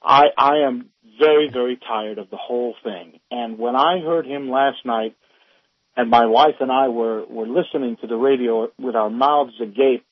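A man calling into a radio talk show, speaking in a halting, heated way full of restarts. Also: mid-range voice, slightly rough, dry recording. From northern United States. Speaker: caller. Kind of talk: call-in radio comment. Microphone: phone. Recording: tinny phone line.

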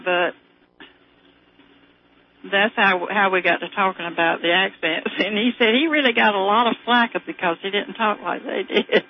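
A woman's voice: mid-range voice, moderate pace, slight background noise. An older woman with a Southern American accent, calling in to a radio show and chatting in a rambling, storytelling way, often laughing. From southern United States. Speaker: caller. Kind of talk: casual phone-in chat. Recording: muffled radio phone-in.

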